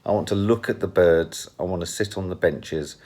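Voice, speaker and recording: Very deep-voiced English man, wry. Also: moderate pace, darkish tone. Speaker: vlogger. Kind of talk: casual chat.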